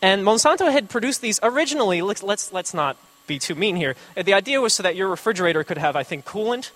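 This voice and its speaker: A man's voice: high voice, expressive, quick pace, fairly bright tone. A man giving an informal classroom lecture, rambling with joking asides and lots of filler words.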